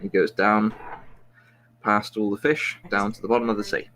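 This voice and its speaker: A man's voice: on the low side, little pitch movement, moderate pace, a bit bright. A man, a podcast host, telling a long joke in a rambling, self-mocking way with many restarts.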